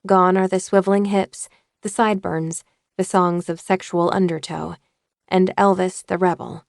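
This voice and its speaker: A woman narrating an audiobook in a measured, even reading voice. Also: fairly low pitch, vocal fry, no echo, clean studio sound.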